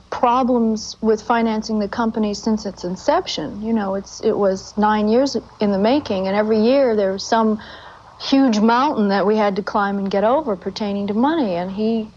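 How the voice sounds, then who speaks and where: A woman giving an interview and recalling events earnestly, halting and restarting often. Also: mid-range voice, darkish tone. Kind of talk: emotional recollection in a TV interview. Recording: dull lo-fi 1980s TV audio.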